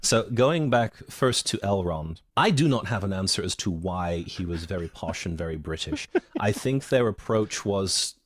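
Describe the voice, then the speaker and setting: A man co-hosting a casual movie podcast, speaking in a measured way with wry humor. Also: low voice, expressive, no echo. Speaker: podcast co-host.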